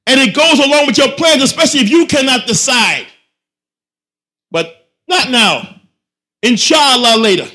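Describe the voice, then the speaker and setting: A man preaching a Friday sermon, swinging from soft asides to shouted rhetorical questions with slangy phrasing. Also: very high voice, animated, moderate pace, pauses often. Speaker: imam.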